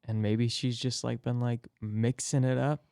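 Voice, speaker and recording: A man hosts a casual podcast interview, feeling his way through questions with false starts and restarts. He talks in an easy, unpolished way, often trailing off into "I guess." His pitch sits in a middle range. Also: flat delivery, unhurried, creaky, mellow. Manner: rambling, hesitant, self-correcting questions. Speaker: podcast host.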